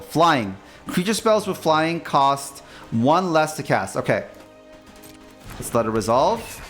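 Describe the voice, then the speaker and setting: A young man streaming as a VTuber, casually narrating his moves in a card game and joking with his chat in a playful, animated way. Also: fairly high pitch. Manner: playful, jokey, talks to chat. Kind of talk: casual gameplay commentary. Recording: faint music behind.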